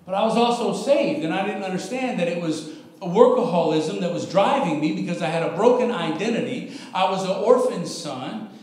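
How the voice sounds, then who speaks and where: Male pastor, high tenor voice, candid storytelling sermon, very reverberant church room. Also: lively intonation, fairly quick, darkish tone. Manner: candid storytelling, chuckles often, calls listeners "man". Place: church sanctuary.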